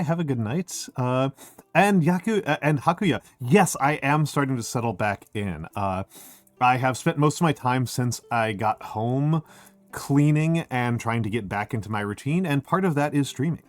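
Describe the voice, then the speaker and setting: A man's voice: medium pitch, expressive, normal speed, faint music behind. A middle-aged man streaming, with a scratchy throat, rambling casually and reading chat aloud. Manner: rambling, self-deprecating, reads chat aloud.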